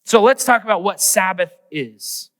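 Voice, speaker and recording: A male pastor preaching a humorous, animated sermon, acting out little everyday scenes. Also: high-pitched, moderate pace, big-room sound.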